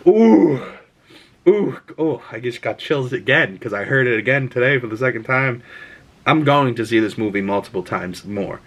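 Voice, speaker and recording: A man giving a casual, spoiler-filled movie review, chatty and excitable, swearing freely as he talks. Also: medium pitch, fairly quick.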